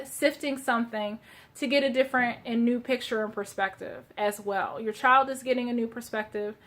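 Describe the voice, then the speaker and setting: A woman doing a casual card reading for her viewers, gentle and searching, with many fillers and restarts. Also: a little high. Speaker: tarot card reader.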